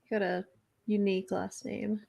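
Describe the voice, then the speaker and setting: Woman, podcast co-host, casual chat, relaxed, vocal fry. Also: mid-range voice, moderate pace. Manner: relaxed, laughs easily.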